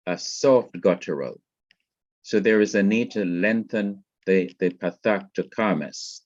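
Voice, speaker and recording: A man's voice: lowish voice, no room sound. A man from Jamaica teaching a Hebrew grammar lesson, explaining methodically and often repeating words as he goes. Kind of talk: classroom lecture. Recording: dull, lo-fi dry recording.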